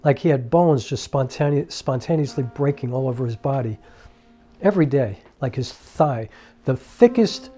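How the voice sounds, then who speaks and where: Earnest man telling a personal story. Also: mid-range voice. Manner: earnest and conversational, with many restarts and asides. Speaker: filmmaker and storyteller. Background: soft piano music.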